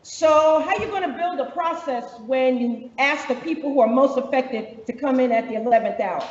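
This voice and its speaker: A woman's voice: high voice, normal speed, darkish tone. A woman facilitating a workshop, giving direct, conversational instructions with fillers to the room. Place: large conference room. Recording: echoey hall, distant, dull lo-fi.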